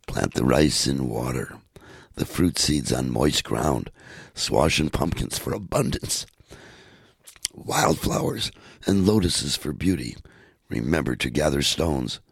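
A man voicing a brisk, no-nonsense old grandmother in a storybook reading. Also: rumbling low, animated, vocal fry, husky, no room sound, studio quality, heavily acted. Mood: instructing.

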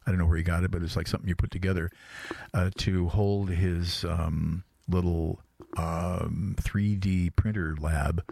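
Low-voiced rambling male radio host. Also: steady tone, vocal fry, a little mellow, no room sound. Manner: rambling, halting, many restarts. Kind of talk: casual radio chat.

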